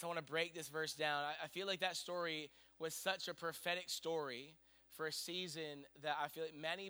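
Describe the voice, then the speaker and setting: A middle-aged man preaching, telling a story in an animated, excitable way. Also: fairly high pitch, clear, resonant tone. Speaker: pastor. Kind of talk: sermon storytelling.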